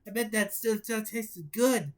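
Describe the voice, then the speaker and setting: A storyteller voicing a cheerful, excitable young male sponge in a high cartoon voice. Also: measured pace, close to an everyday voice. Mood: excited.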